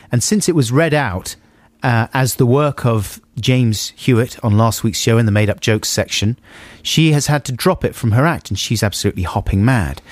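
A man's voice: medium pitch, no echo. A man co-hosting a radio show, chatting casually and joking in a studio. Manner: jokey, chatty. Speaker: radio host.

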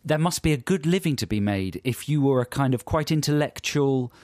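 A man's voice: mid-range voice, expressive, fairly quick, darkish tone, dry recording, studio quality. Enthusiastic man telling a story. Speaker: podcast co-host. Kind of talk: casual comedy chat.

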